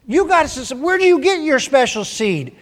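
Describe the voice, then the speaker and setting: Briar Rabbit as a whiny, nosy, lazy male rabbit, put on by a preacher telling a folksy story. The voice sits very high and pushes its questions eagerly, and it swoops up and down. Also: big pitch swings, normal speed. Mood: pestering.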